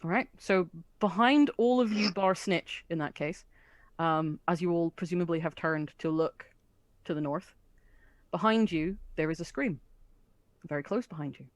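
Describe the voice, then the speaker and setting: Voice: mid-range voice, normal speed, dry recording. A game master narrating a tabletop game with chatty description and frequent fillers.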